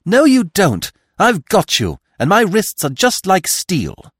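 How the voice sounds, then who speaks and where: A man's voice: medium pitch, very animated, brisk, no room sound, studio quality, lightly acted. A man reading aloud, voicing a bold, confident young female acrobat who talks in a brash, breezy way.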